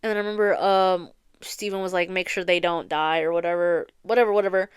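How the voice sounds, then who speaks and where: Smooth-voiced young woman rambling casually. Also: fairly low pitch, steady tone, quick pace, dry recording, studio quality. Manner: rambling, swears freely, heavy filler words. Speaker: podcast host. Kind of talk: casual storytelling chat. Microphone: close studio mic, audio only.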